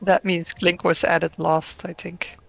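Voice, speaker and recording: High gravelly lively male player. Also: takes it slowly, rough recording. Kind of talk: tabletop game chat over a call.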